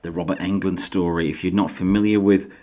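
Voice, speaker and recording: A middle-aged man with a faded Yorkshire accent hosts his own video channel in a loose, chatty way. He pokes fun at himself now and then, and his low voice jumps up sharply in pitch when he gets excited. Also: a little fast. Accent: faded Yorkshire English. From Yorkshire, England. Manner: chatty, self-deprecating, lively pitch jumps. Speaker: YouTube host and author. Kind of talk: casual solo vlog.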